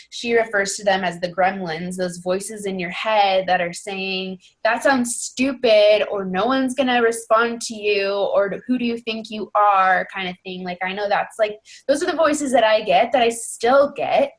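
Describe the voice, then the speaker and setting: A young woman talks to her fitness team in a casual, earnest way. She rambles a little and leans on fillers like "you know" and "like" as she shares her thoughts. Her pitch sits at an ordinary middle height for a woman. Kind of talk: casual team call talk.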